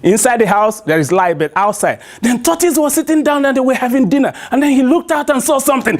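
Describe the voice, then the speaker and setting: A man's voice: extremely high pitch, animated, fast talker, few pauses. A man with a Nigerian accent telling a traditional story to a live audience, prompting them with call-and-response questions.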